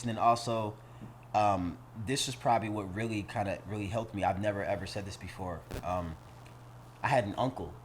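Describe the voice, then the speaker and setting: A podcast guest from St. Louis, United States, tells a story in casual, slangy chat, swearing freely. He's an animated storyteller who acts out the lines he quotes loudly. His voice is lowish, with a little hiss or hum in the recording.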